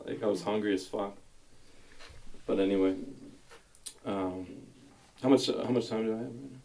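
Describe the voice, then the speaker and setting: A man's voice: on the low side, moderate pace, vocal fry, dark tone, rough recording. A man performing a stand-up comedy set on a club stage, telling self-mocking, rambling stories into a stage mic.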